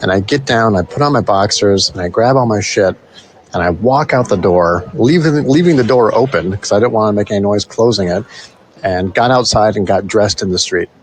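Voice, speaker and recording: A man casually telling a story in a voice note, animated and swearing freely, from the United States. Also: lowish voice, brisk, a little hiss or hum, rough recording.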